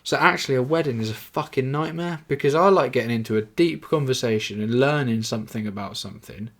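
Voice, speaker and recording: A young English-accented man podcasts solo in a casual, rambling monologue, mocking himself and swearing a lot. His mid-range voice is fast with a fairly bright tone.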